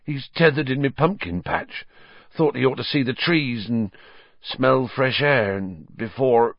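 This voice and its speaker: A man doing Hagrid, shaken gentle giant. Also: medium pitch, no room sound, dull audio, pitched above the performer's own voice. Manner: halting, shaky speech. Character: huge, grieving, gentle gamekeeper man.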